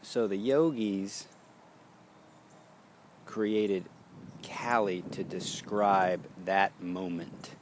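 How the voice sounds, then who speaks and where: A man leading a guided meditation, speaking in slow, measured phrases with long pauses. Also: low voice, fairly even intonation, a little hiss or hum.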